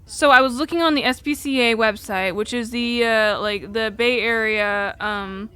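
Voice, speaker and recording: A woman's voice: a little high, moderate pace, bright, forceful tone, clean tone. A young woman live streamer telling a personal story in a casual, rambling way, full of "like" and casual swearing, between reading chat. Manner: rambling, candid, fillers like "like" throughout.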